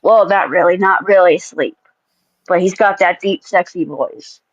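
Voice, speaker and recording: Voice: medium pitch, a little slow, no room sound, highs cut off. An easygoing co-host chatting casually on a livestream with short agreeing replies.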